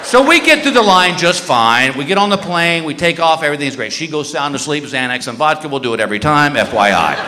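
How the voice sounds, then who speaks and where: A middle-aged man doing stand-up, telling a story in an animated, drawling way. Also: fairly high pitch, brisk, few pauses, a faint crowd, slight background noise. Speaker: stand-up comedian. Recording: stage mic in a reverberant hall.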